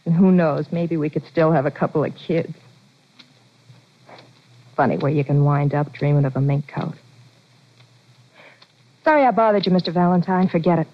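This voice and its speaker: A woman's voice: sits low, moderate pace, long pauses, natural voice. A woman playing an anxious, devoted boxer's wife in 1940s radio acting, earnest and pleading. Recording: dull lo-fi old radio recording.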